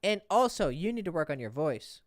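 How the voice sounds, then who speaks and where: A man's voice: a little high, big pitch swings, fairly quick, crowd noise. A man coaching dating on a livestream Q&A, blunt and profane, swinging his voice up and down to show how rhythm works.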